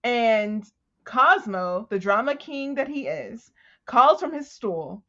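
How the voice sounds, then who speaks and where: A woman co-hosting a book podcast in a casual, animated way, her fairly high voice swooping all over as she retells scenes. The sound is dull and lo-fi. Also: slow. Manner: animated, acts out character voices while retelling. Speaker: podcast co-host.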